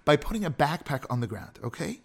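A podcast host casually teaches character ethics, sprinkling in self-deprecating asides and rhetorical questions. His voice sits on the high side with big pitch swings, moving a little fast, creaky and slightly rough.

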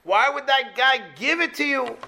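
A man voicing a wary backwoods villager who distrusts every stranger, throwing out accusing, disbelieving questions. The voice sits high and bright, with a sharp edge. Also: normal speed, creaky, a little hiss or hum, exaggerated voice. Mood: suspicious. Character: suspicious rustic forest man, wary of strangers.

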